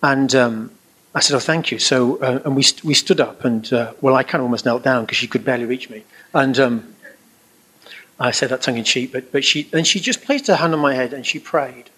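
A middle-aged man giving a personal testimony to a live audience, telling it as an animated, anecdotal story with chuckling asides and colourful everyday phrasing. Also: mid-range voice, a little fast, husky.

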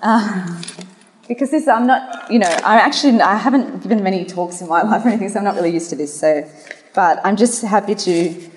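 A woman's voice: fairly low pitch, darkish tone, a little hiss or hum. Woman, faith talk and prayer, fillers, roomy hall sound. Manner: earnest, nervous, many fillers. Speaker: guest speaker. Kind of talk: religious talk with spoken prayer. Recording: echoey hall.

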